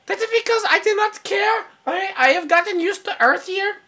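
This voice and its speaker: A man's voice: very high voice, moderate pace, voice pushed up. A guy doing a stilted alien Conehead voice. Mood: stilted, proud. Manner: loud, stilted, formal non-contracted speech. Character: stiff alien Conehead visitor, male, oddly formal. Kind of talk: comic impression during gameplay.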